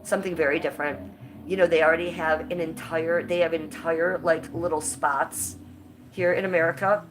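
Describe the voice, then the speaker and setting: A woman's voice: low voice, fairly even intonation, moderate pace, noisy background. A woman hosting a casual livestream, blunt and profane, her voice stuffed up from a cold, with coughs between her lines. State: congested and coughing. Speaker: livestream host.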